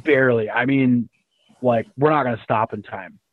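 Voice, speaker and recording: A man in casual chat, telling profane, animated stories to his build team. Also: medium pitch, normal speed, no echo. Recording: tinny phone-like sound with faint noise.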